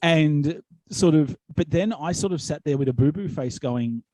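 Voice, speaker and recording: An Australian man with a mellow, darker voice tells wrestling stories in a loose podcast chat. He rambles, restarts his sentences and fills gaps with ums and likes. The sound is dry and close, with no room around it. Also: a little high, moderate pace, no room sound. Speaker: wrestling commentator and promoter, guest.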